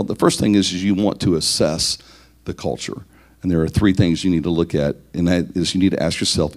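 Man, very deep voice, church leadership lesson, numbered points, rhetorical questions. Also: darkish tone. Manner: lists numbered points, asks rhetorical questions, repeats words. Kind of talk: leadership teaching talk.

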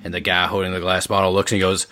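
Low-voiced man game master. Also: completely flat delivery, rapid-fire, pushed and bright. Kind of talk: narrating a tabletop game.

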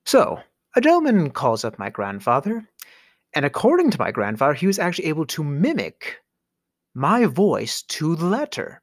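A man's voice: fairly high pitch, wildly swooping pitch, moderate pace, no echo. A man telling a comic story with dry, self-mocking asides.

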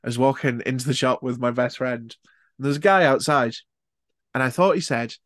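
A man's voice: mid-range voice, a little fast, fairly bright tone, dry recording, studio quality. A man from Scotland hosting a podcast, chatting casually, laid-back and sweary. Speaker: podcast host. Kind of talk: casual interview chat.

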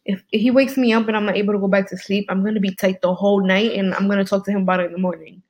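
A woman's voice: medium pitch, fairly even intonation, racing, a little mellow, breathy edge. A young woman, co-hosting a casual couple's podcast, blunt and sarcastic. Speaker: podcast co-host.

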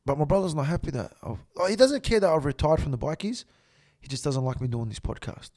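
A man's voice: on the high side, expressive, fast talker, a little mellow. A man telling stories in a casual podcast chat, blunt, emphatic and swearing a lot. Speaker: podcast guest.

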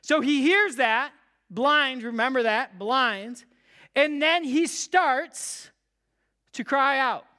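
A pastor preaching a sermon to a live congregation, emphatic and repetitive, swinging between loud cries and hushed low tones. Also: slow. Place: church service with a live congregation.

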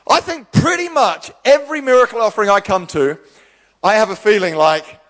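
A man preaching a sermon, animated, acting out the voices of the people he quotes. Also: sits high, moderate pace, big-room sound. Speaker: pastor.

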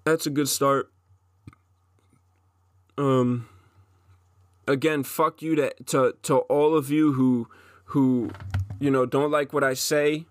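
A man's voice: medium pitch, steady tone, slow pace, long pauses, dry recording. A man in his twenties gives an intense, profane solo monologue as a podcast host, often restarting his sentences.

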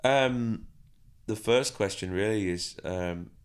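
A deep-voiced man chats casually about running his band. He tells stories freely and acts out quotes as he goes. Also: slow pace. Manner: chatty, animated storytelling with acted-out quotes. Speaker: band member and manager, guest. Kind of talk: casual interview chat.

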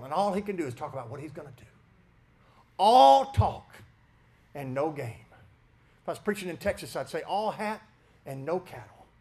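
High-voiced, fervent male preacher. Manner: fervent, swings from shouting to hushed asides, calls out listeners by name. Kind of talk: sermon.

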